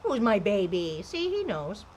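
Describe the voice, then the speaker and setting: Very animated yet a little slow, this young adult woman has a medium-pitched voice with a darkish tone and a little hiss or hum in the recording. She rambles candidly in casual stream chat while gaming, saying "like" a lot.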